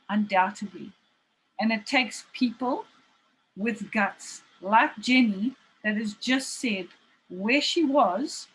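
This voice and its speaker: A woman's voice: a little high, low-quality recording. A woman in her forties, a team coach, speaking on a video call in a heartfelt, emphatic, motivational way. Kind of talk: emotional motivational talk. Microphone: video call mic. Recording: faint background noise on a video call.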